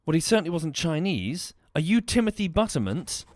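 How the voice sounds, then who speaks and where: A man's voice: fairly high pitch, very animated, brisk. A man streaming a game, thinking aloud and questioning the characters on screen. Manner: musing aloud, talking to characters. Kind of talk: live game commentary.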